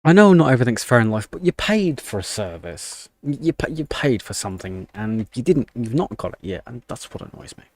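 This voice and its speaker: A man's voice: medium pitch, sing-song, fairly quick, hardly any pauses, darkish tone, no room sound. A young man chatting casually on a live stream, ranting in annoyance while typing commands at his desk. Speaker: livestreamer.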